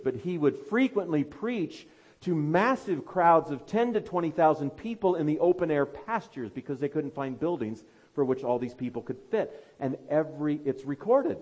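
Pastor guy preaching hard, kinda high voice, gets loud and urgent then drops real quiet. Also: husky. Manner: fervent, swings between loud emphatic urging and quiet low asides. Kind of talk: sermon.

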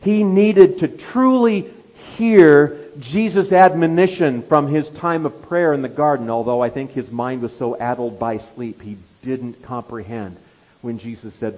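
A male preacher delivers a sermon at an ordinary pitch for a man. He retells the story with animation and slips into the voices of the people he quotes. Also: unhurried, darkish tone, poor audio. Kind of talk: expository sermon.

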